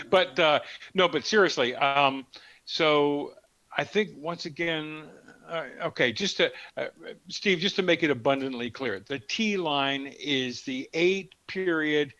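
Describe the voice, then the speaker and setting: A man co-hosting a trading webinar, relaying audience questions with quick upbeat remarks. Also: a little high, sharp tone, highs cut off. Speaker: co-host taking questions.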